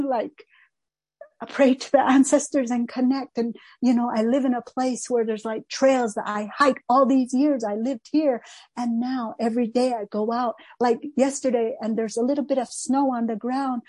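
A woman's voice: fairly high pitch, steady tone, unhurried, darkish tone, no echo. A middle-aged woman, not a native English speaker, telling her recovery story in a rambling, emotional way with many restarts. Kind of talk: personal testimony.

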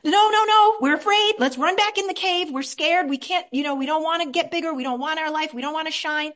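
A woman voicing a frightened inner child part who pleads to hide, in a higher, pleading voice. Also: a little fast, fairly bright tone. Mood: panicky. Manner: pleading, repetitive.

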